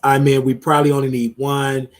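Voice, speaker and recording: A man hosting a livestream, emotional after crying, repeating his thanks to viewers over and over. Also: level tone. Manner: jumps to high drawn-out greetings when welcoming viewers. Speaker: livestream host. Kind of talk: emotional live stream chat with viewers.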